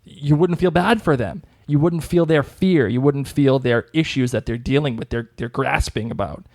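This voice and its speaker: A man's voice: medium pitch, moderate pace, creaky, a little mellow, no room sound, studio quality. A man co-hosting a TV podcast, upbeat and teasing in casual chat. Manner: teasing, upbeat, laughs a lot. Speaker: podcast co-host.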